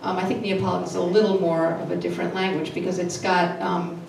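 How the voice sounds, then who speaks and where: Halting woman translator in echoey hall. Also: lowish voice, level tone, vocal fry. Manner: halting, many restarts and fillers. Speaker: literary translator. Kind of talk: panel discussion answers. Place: literary event hall. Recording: echoey room, distant mic, noisy.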